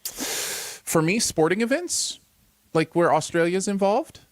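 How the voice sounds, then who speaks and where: Male co-host, teasing, very animated pitch, dry close sound. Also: slow pace, no echo. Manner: playful, teasing, chuckles often. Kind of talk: casual live-stream chat.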